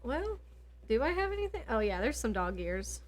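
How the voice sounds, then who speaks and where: A woman co-hosting a casual book podcast from her basement, chatty and giggly, quick to get teary. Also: fairly high pitch, sing-song. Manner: giggly, chatty, easily moved to tears. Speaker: podcast co-host. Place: home basement.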